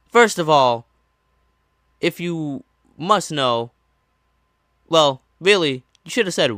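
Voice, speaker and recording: Young man ranting sarcastically, slow and dry. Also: on the high side, lively intonation, fairly bright tone, no echo. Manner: sarcastic, ranting, mocking retorts. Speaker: streamer. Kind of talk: casual storytime monologue. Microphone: low-gain desk mic.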